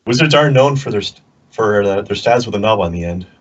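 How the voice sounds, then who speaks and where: A man tosses wisecracks into a tabletop game session. His voice is husky and a little muffled. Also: fairly low pitch, animated, a little fast. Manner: wisecracking banter. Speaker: player. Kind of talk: casual tabletop play.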